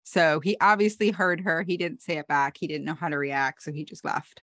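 A woman's voice: low voice, no room sound, studio quality. A young woman co-hosting a podcast, casually retelling a TV episode and quoting the characters as she goes. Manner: animated retelling, quoting characters in quick asides. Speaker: podcast co-host recapping a TV episode. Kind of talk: casual recap chat.

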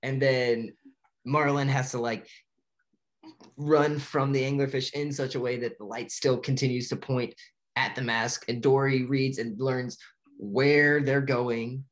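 A man's voice: mid-range voice, steady tone, measured pace. A man retelling a film plot in casual chat, talking loosely with many fillers and restarts and laughing often. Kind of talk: casual movie recap chat.

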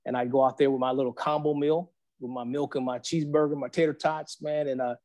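A man's voice: mid-range voice, fast talker. Slangy storytelling man telling his testimony. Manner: slangy, animated storytelling that acts out quoted voices. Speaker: guest. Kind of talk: personal faith testimony.

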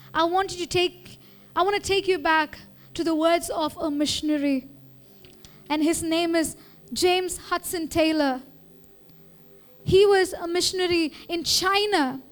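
A woman pastor delivers an earnest sermon in a strikingly high voice. She leans on repetition to press each point home. Soft music plays faintly underneath. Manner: earnest, repeating phrases for emphasis.

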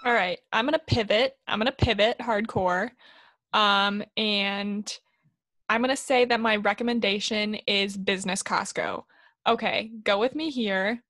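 A young woman co-hosting a podcast in casual chat, telling stories with a teasing, animated manner. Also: mid-range voice, measured pace, dry recording. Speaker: podcast co-host.

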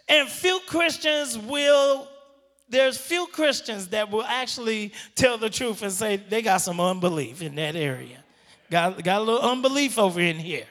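A man preaching a sermon, drawing words out for emphasis and building up to shouts. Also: very high voice, long reverb tail.

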